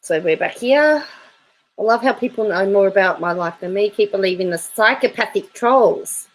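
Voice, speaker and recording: A woman's voice: mid-range voice, lively intonation, moderate pace, a little hiss or hum, low-quality recording. A woman hosting her own channel, reading viewer comments aloud and reacting in casual commentary, often breaking into laughter. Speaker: YouTube channel host.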